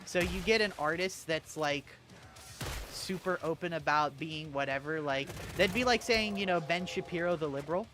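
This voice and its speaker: A man's voice: on the high side, moderate pace, bright, forceful tone, slight background noise. A young man streaming a game, chatting casually with his chat, joking and swearing and laughing at his own bits. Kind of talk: casual gaming livestream chat.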